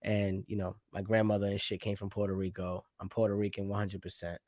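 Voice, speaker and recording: A man's voice: fairly low pitch, completely flat delivery, darkish tone. A man from Rhode Island with a New York accent, hosting a podcast in a loose, chatty interview style. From Providence, Rhode Island, USA. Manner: loose and chatty, peppers talk with "facts, man" and quick laughs. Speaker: podcast host. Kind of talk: casual interview chat.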